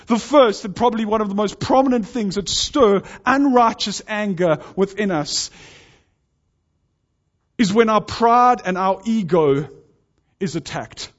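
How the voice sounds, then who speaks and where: A man's voice: high voice, measured pace. A man preaching a sermon to his congregation, earnest and urging, pressing his points with rising intensity. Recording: dull lo-fi sound.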